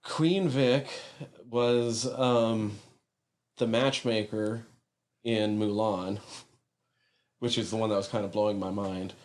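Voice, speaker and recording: A man co-hosting a podcast in casual chat, relaxed, laughing often and pausing with fillers. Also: fairly low pitch. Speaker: podcast co-host.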